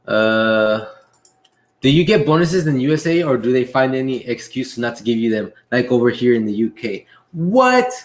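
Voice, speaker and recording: A young man hosting a casual livestream Q&A, reading chat messages aloud and answering in a relaxed way with frequent laughs. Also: medium pitch, normal speed. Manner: laid-back, reads chat aloud, laughs often. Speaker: livestream host and delivery driver.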